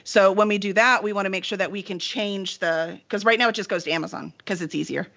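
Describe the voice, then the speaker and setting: A woman's voice: mid-range voice, quick pace, gravelly, a bit bright. Chatty woman host, lo-fi stream sound. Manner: chatty, talks in long run-on thoughts with many fillers. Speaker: publisher and show host. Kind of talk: casual chat on a live stream.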